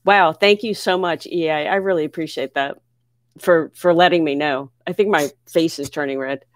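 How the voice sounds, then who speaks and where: A woman from the United States hosting a casual livestream, reading viewer comments aloud and answering questions in an excitable, chatty way. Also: sits low, moderate pace, no room sound, clean studio sound. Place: home near Philadelphia.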